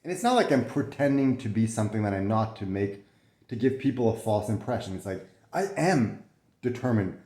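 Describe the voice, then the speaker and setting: A man's voice: fairly low pitch, animated, a little fast, a little mellow, roomy sound. A young man talking candidly from bed in a casual vlog, swearing often, restarting his sentences, coughing and short of breath. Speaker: vlogger sharing his illness. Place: in bed at home.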